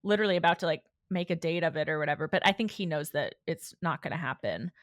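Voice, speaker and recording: Woman gushing on a podcast, kinda low voice, dead dry room. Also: fast talker, no room sound. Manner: enthusiastic, gushing. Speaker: podcast co-host. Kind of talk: casual chat recapping an episode.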